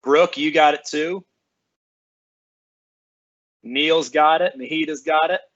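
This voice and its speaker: A man's voice: a little high, steady tone, slow, a bit bright, dull audio. A man who works as a school librarian, chatting casually on a live stream with students. He reads out their names and comments and answers them cheerfully.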